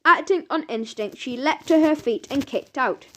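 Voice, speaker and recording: Woman narrator, high voice, lively children's storybook reading. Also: normal speed. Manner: lively storytelling with sound words. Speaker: audiobook narrator.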